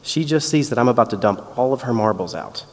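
A man's voice: medium pitch, lively intonation, fairly quick, darkish tone. A man in his thirties preaching a sermon in a conversational way, telling family stories and acting out quotes. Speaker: pastor. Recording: long reverb in a hall.

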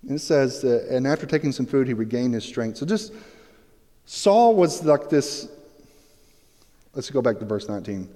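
A man preaching a sermon as pastor, telling the scene with lively, acted-out storytelling. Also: fairly high pitch. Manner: animated storytelling, acts out Bible scenes. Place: church sanctuary. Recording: long reverb of a hall.

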